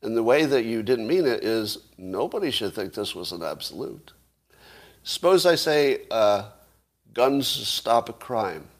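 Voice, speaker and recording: A man's voice: medium pitch, very animated, moderate pace. A man hosting a casual livestream, arguing his point and throwing rhetorical questions at viewers, with the odd chuckle. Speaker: livestream host.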